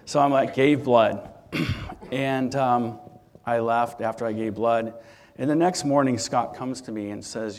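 A man preaching in a loose, conversational storytelling way, often restarting and filling pauses. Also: medium pitch, a little mellow. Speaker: church speaker. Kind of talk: sermon with personal testimony.

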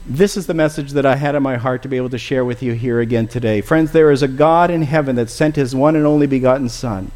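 A man's voice: medium pitch, darkish tone. A man preaching a sermon and leading a closing prayer, earnest and pleading, often calling his listeners friends.

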